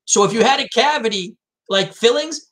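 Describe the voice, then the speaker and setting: Man, casual chat, animated storyteller, acts out film quotes. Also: very high voice, moderate pace. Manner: animated, retells film scenes with quoted lines. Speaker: co-host.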